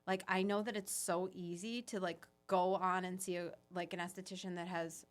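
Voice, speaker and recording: A woman's voice: fairly low pitch, little pitch movement, moderate pace, faint music behind. A woman who owns a spa, telling her story in a casual podcast chat, earnest and full of fillers. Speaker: spa owner guest.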